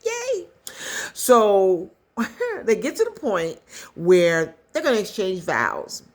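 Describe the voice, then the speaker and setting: A woman casually recapping a story in a chatty, animated way, with quick asides. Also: medium pitch. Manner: chatty, animated retelling with acted quotes. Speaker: commentator recapping a skit.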